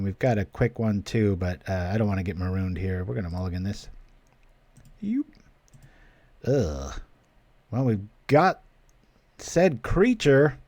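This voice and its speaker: A man's voice: medium pitch, warm tone, no echo. A man hosting a card-game stream, giving casual live commentary as he plays and thinking aloud in a playful, chatty way.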